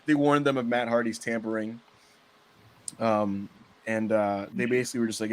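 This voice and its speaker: A man's voice: mid-range voice, fairly even intonation, normal speed. A man hosting a casual podcast, rambling through a recap with fillers and swearing. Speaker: podcast host. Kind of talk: casual wrestling podcast chat.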